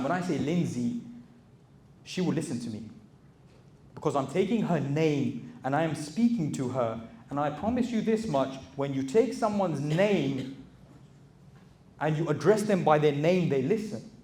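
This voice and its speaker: Male, 30s, high voice, motivational speaker, plain-spoken and pushy. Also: lively intonation, moderate pace, darkish tone. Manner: direct, exhorting, addresses audience as brothers. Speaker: motivational speaker and recruitment business owner. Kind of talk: motivational talk to a live audience.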